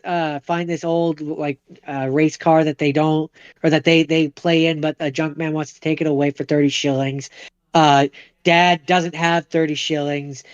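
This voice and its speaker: Halting young man, smooth but muffled. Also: fairly high pitch, no room sound. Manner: halting, many fillers and restarts. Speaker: podcast co-host. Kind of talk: casual chat.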